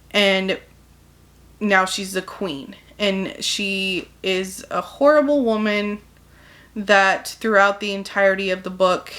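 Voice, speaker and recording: Chatty woman book vlogger, bright and forward tone, casual plot recap full of "like". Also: medium pitch. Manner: chatty, peppered with "like", acts out quotes. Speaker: book reviewer.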